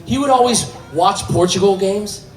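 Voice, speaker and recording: Male stand-up, thirties, high and lively voice, animated storyteller, echoey club with a faint audience. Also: moderate pace, distant mic, soft background music. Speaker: stand-up comedian. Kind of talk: stand-up routine. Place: comedy club stage.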